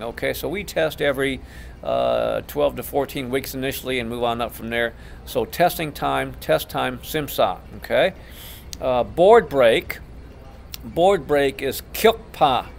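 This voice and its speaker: Texan man, gravelly voice, mid-pitched; instructor drilling terms slowly and patiently, lots of "uh". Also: slight background noise. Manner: patient, repeats each term slowly, many uh fillers. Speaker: taekwondo instructor. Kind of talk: pronunciation lesson.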